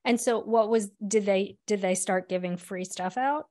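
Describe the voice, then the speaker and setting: A woman's voice: mid-range voice, normal speed, mellow. A woman co-hosting a podcast in casual chat, with a voice that people call condescending. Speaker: podcast co-host.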